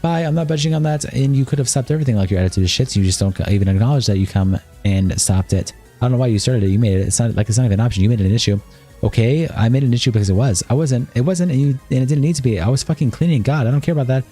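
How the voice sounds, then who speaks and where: A man streaming live, reading out both sides of a long text-message argument in a flat reading voice. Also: medium pitch, rapid-fire, slightly rough, soft background music.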